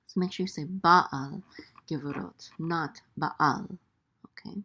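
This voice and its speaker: A woman's voice: low-pitched, steady tone, brisk, husky. A woman teaching a Hebrew prayer lesson, translating word by word, hesitant and careful with frequent ums and self-corrections.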